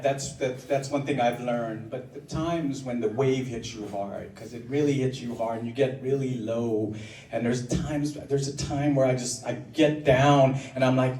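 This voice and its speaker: A man's voice: mid-range voice, a little mellow. Middle-aged man telling a story on stage. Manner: halting, full of fillers and restarts, mixing grief with self-mocking humor. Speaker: open mic performer. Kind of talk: personal storytelling at an open mic. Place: underground performance venue on a live stage. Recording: roomy, distant live room with crowd. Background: audience laughing.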